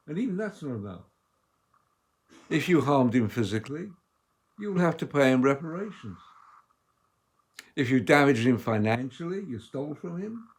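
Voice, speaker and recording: Male rabbi, sermon read, measured and emphatic with big dynamic swings, mid-range voice. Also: medium pitch, darkish tone.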